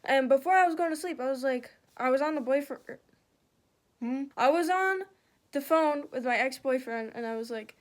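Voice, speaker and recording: A young woman chatting casually while doing her makeup, telling a story with lots of swearing and animated retelling. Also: sits high, moderate pace.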